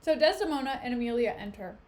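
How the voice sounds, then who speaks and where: Casual woman streamer, high voice, slangy recaps. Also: expressive, quick pace, a little mellow. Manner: chatty, slangy, recaps with asides. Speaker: streamer reading a play.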